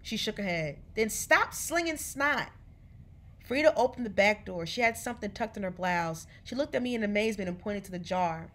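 A woman reading a novel aloud in a measured, expressive storytelling voice. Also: mid-range voice. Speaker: reader. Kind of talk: audiobook read-along of a novel.

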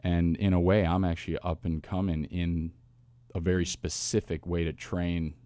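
Deep-voiced man telling a story. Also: clean tone, no room sound. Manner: animated storyteller, quick asides and restarts. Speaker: wide receivers coach, guest. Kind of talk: casual interview storytelling.

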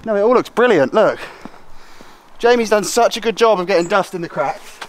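A man's voice: sits high, lively intonation, moderate pace, a little hiss or hum. A man chatting casually and joking with a friend at an outdoor bike track. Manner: chatty, self-mocking banter. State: out of breath. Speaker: vlogger and rider. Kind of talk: casual chat.

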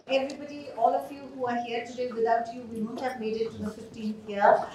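Female festival host with a slightly high voice, brisk announcements, roomy hall with a crowd behind. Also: flat delivery, mellow. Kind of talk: announcements and thank-yous. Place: large hall at a press meet.

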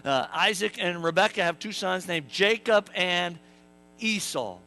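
A male pastor delivers a sermon in a church, keeping it casual and full of jokes, turning to the congregation as he talks. His voice sits high and rings bright and clear, and he slips into playful voices when he acts out the quotes. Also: lively intonation, a little slow, poor audio. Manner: joking, conversational preaching with asides to the congregation. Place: church sanctuary.

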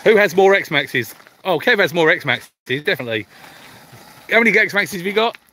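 A man's voice: high-pitched, expressive, moderate pace, pushed and bright, a little hiss or hum. Chatty man on a live stream. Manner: chatty, reads out viewer comments. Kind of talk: casual outdoor chat while driving RC cars. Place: outdoors.

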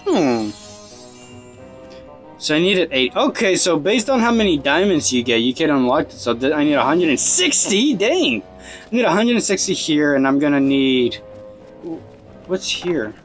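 A young man giving excitable, casual commentary while playing a video game, talking to his viewers into a phone. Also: on the high side, a little slow, faint music behind. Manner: excitable, yelps and exclaims at the game, talks to viewers. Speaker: let's play host.

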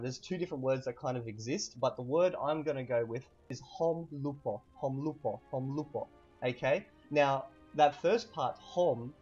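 A man teaching vocabulary in a casual lesson, repeating each word slowly with fillers. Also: mid-range voice, a little mellow, highs cut off. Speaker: language teacher.

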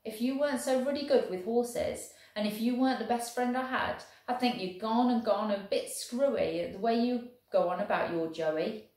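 A woman's voice: fairly high pitch, moderate pace, darkish tone, voice pushed up, close to an everyday voice. A woman voicing a blunt, exasperated male soldier who scolds his friend. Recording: very echoey room.

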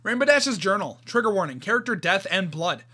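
A man's voice: high-pitched, very animated, fairly quick, sharp tone, slightly rough. A man reading a fan story aloud and reacting with shocked exclamations and asides.

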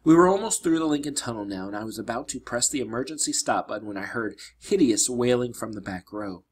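A man reading a children's adventure novel aloud, narrating expressively with dramatic slowdowns. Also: medium pitch, animated, breathy edge. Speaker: reader. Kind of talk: storybook read-aloud.

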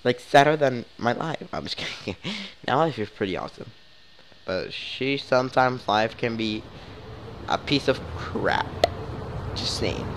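A man's voice: medium pitch, expressive, unhurried, fairly bright tone, a little hiss or hum. A young man giving casual, emotional commentary over a video game, rambling and exclaiming often. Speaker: let's play gamer.

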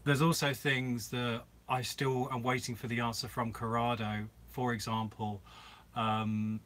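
Bright, easygoing man hosting a live stream from his camper van, chatty and rambling, greeting viewers as he goes. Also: medium pitch, level tone, unhurried. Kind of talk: casual live-stream chat.

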